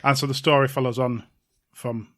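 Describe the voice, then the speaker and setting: A man's voice: medium pitch, fairly even intonation, moderate pace, dry recording, studio quality. A man co-hosting a podcast in casual chat, with lots of ums and easy laughs. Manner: chatty, filler-heavy, laughs easily. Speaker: podcast co-host.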